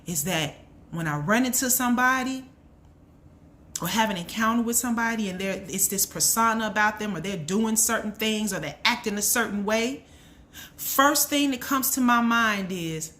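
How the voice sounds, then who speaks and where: A woman's voice: a little high, expressive, normal speed, pushed and bright, a little hiss or hum. A mother talking earnestly to her viewers about faith and self-reflection, preaching in a casual way and repeating key lines for emphasis. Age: adult with a son. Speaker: channel host. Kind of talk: motivational faith talk.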